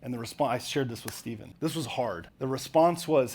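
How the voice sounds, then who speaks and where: A man's voice: medium pitch, fairly quick, hardly any pauses, breathy edge. A man giving a motivational business talk on stage to a live audience, directive and full of stories. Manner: animated, directive, storytelling. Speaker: business coach speaking on stage. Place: conference hall with audience.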